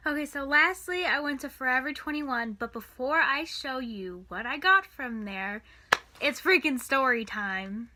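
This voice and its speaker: A teenage girl telling a storytime in a casual, chatty vlog, full of "like" and "and stuff", with the odd soft aside. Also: high voice, expressive, a little slow, a little hiss or hum. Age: teens. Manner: chatty, filler-heavy with frequent "like" and "and stuff". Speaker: vlogger.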